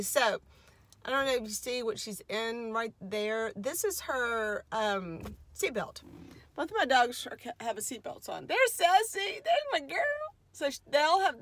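A woman's voice: a little high, a bit bright. A middle-aged woman, rambling casually as a vlogger and chatting to her dogs. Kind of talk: casual chat.

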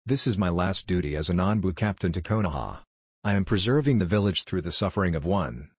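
A cryptic young ninja, grave and formal, voiced by a man in a plain reading. The voice sits low and the sound is dry and close. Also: animated, a little fast, husky, dry recording.

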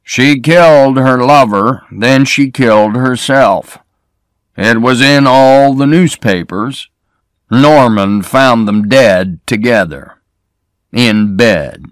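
A man reading the lines of a middle-aged small-town sheriff who questions people in a measured way. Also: mid-range voice, no echo, clean studio sound, pitched above the performer's own voice, close to an everyday voice. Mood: questioning.

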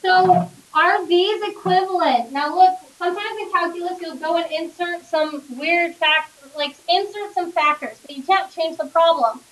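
A woman's voice: extremely high pitch, moderate pace, hardly any pauses, a bit bright, reverberant. A woman teaching a math class, questioning her students and coaxing them along step by step. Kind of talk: classroom lecture. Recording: distant classroom recording.

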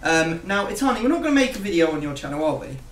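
A man's voice: a little high, big pitch swings, very fast, roomy sound, recorded from a distance, a little hiss or hum. A young man hosting a gaming video, chatting casually and rambling with self-mocking jokes. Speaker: YouTube gaming host.

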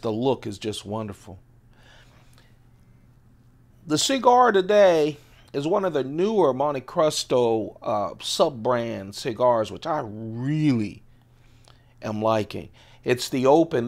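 A man's voice: mid-range voice, creaky. A man in his late fifties, casually showing his pocket items on a vlog, rambling and laughing as he goes. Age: 50s. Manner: chatty, laughs often, digresses. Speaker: EDC video host. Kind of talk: casual rambling show-and-tell.

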